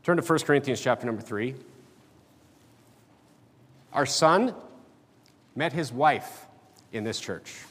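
A middle-aged man from North Dakota preaching a sermon, personal and conversational, often pausing on fillers and restarting his sentences. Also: mid-range voice, expressive, fairly bright tone. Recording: long reverb of a church hall.

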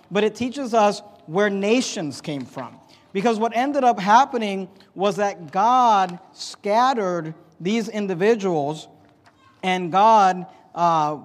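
A man teaching a Bible story lesson, telling it lively and acting out voices, with frequent restarts. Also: sits high. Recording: echoey hall reverb.

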